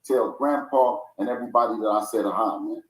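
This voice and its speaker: A man's voice: on the low side, brisk. A middle-aged man, a boxer's father, insistently arguing his point on a video call, repeating himself and swearing. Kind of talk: heated call with a fighter. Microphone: video call audio. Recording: roomy video call audio.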